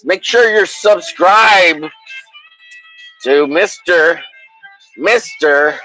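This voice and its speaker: A man hosting a livestream, chatting casually in a rowdy, crude way, often shouting and teasing in mock-bullying banter. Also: a little high, very slow, faint music behind, low-quality recording. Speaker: livestream host.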